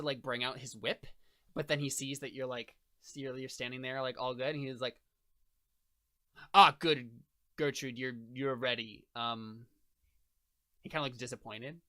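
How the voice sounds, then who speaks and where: A man's voice: medium pitch, bright, forceful tone. A man narrating as game master of a tabletop role-playing game, rambling with lots of fillers and restarts.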